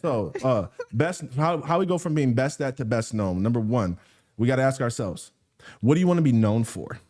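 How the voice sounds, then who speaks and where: A man hosting a podcast in casual chat, an animated storyteller who drops quiet and heavy, then turns loud and laughing, thinking aloud with restarts. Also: mid-range voice, moderate pace. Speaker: podcast host.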